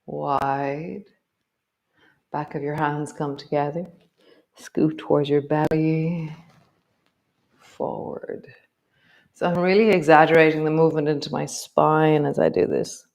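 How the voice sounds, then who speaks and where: A woman teaching a yoga class, guiding the movements with slow, gentle spoken cues. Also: low-pitched, steady tone, creaky.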